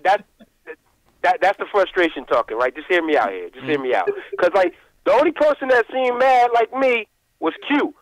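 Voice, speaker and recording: Excitable profane male caller, clean dry sound. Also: high-pitched, fairly quick, dry recording, poor audio. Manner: animated, profane, rambling with repeated asides. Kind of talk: casual call-in rant.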